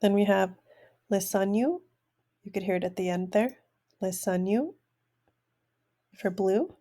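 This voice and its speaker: Slow, careful woman teaching vocabulary. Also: medium pitch, dark tone. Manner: slow, careful word-by-word pronunciation, repeating each word. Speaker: language teacher. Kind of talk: online language lesson.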